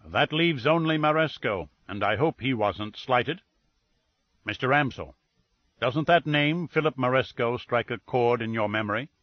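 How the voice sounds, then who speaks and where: A man voicing an imperious older male detective who speaks in a measured, formal and precise way. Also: medium pitch, animated, no room sound, lo-fi sound, close to an everyday voice. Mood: formal, deliberate.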